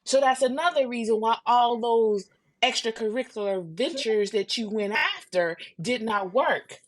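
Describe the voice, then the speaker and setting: A woman in her fifties hosting a podcast, talking bluntly and swinging from low murmurs to loud outbursts. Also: measured pace. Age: 50s. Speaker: podcast host. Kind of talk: casual monologue.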